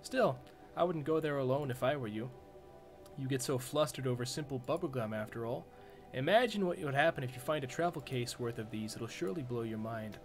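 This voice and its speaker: A man's voice: medium pitch, lively intonation, brisk, soft background music, close to an everyday voice. Man reading as a sly teasing fox girl. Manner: mocking, playful.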